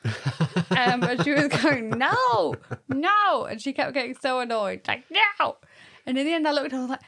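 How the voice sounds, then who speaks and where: A chatty woman with a British accent co-hosts a parenting podcast, telling lively stories and laughing along. Her fairly high voice swings widely in pitch as she talks. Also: a little fast. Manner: chatty storyteller, animated, laughs often. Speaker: podcast co-host. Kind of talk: casual chat.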